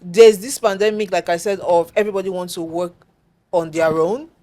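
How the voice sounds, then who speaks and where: Brief: Nigerian woman, host of a casual panel, lively delivery, laughs easily, acts out quotes. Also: fairly low pitch, fairly quick. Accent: Nigerian English.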